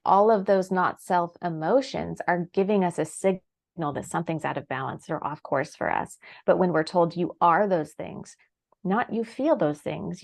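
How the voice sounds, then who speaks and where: Woman podcast guest, earnest emphatic talk, low-pitched voice, gravelly fry. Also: a little mellow. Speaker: podcast guest, human design expert. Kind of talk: casual conversational podcast chat.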